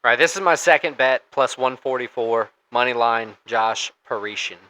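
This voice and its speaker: Bright-voiced man chatting fight picks. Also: medium pitch, moderate pace, rough recording. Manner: conversational, hesitant with fillers and restarts. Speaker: podcast co-host. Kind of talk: casual sports podcast chat.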